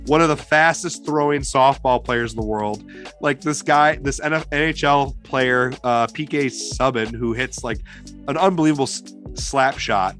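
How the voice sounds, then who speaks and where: A man's voice: medium pitch, normal speed, fairly bright tone, soft background music. A man in a casual podcast chat about films, rambling with frequent restarts and "um"s. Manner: rambling, many restarts and fillers. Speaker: podcast co-host. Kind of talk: casual film discussion.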